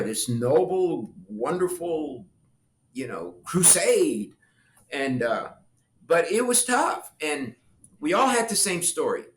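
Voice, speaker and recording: Bright, lively older man telling stories. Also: mid-range voice, reverberant. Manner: animated storyteller acting out quoted voices, laughing. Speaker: guest, former congressman. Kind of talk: storytelling interview talk.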